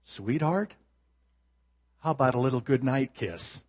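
A man's voice: mid-range voice, expressive, measured pace, muffled recording. A man voicing a confident young man on a date who speaks in a coaxing, eager way.

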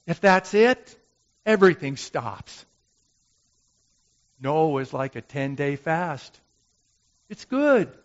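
A man playing a gentle, humble brother of Moses in a slow, musing dramatic monologue. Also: on the high side, very animated, dull audio. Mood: reflective. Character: gentle brother of Moses, who made the golden calf, humble and reflective.

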